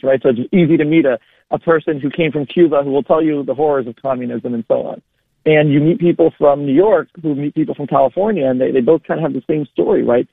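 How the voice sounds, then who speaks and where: A man's voice: mid-range voice, gravelly, slightly rough, no room sound. Male phone-in guest, upbeat promoter, thin phone-line sound with a dry close feel. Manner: upbeat, promotional, repeats words. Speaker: guest, local party chair. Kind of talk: radio phone interview.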